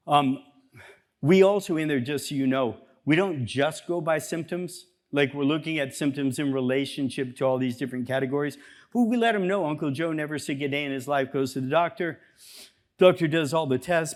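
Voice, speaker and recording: A man speaking as a chiropractor at a seminar, talking to a live audience in an energetic, conversational way and acting out bits of dialogue. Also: fairly high pitch, a little fast. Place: seminar room before an audience.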